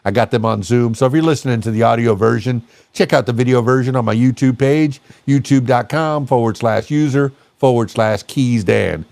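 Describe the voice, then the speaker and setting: A man's voice: mid-range voice, moderate pace, gravelly, few pauses, a little mellow, dry recording. A man hosting a casual podcast, playful and teasing, rambling with lots of fillers. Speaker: podcast host.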